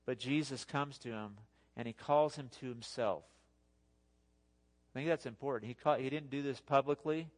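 Male pastor, sermon, chatty and animated, mid-pitched. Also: moderate pace. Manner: conversational, animated preaching with asides.

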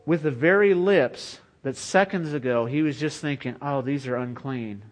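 A man's voice: medium pitch, moderate pace, faint music behind. A man preaching a sermon in an earnest, conversational way, often saying "you know" as he goes. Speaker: pastor.

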